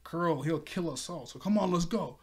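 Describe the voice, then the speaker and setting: A man's voice: fairly high pitch, moderate pace, a little mellow, lightly acted. A man doing a drawling, offhand pirate officer. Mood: dismissive.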